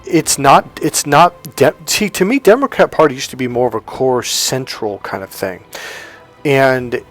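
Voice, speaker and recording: This Bay Area self-help coach speaks at a medium pitch, wandering through a relaxed monologue of his opinions and performing the voices of whoever he's quoting.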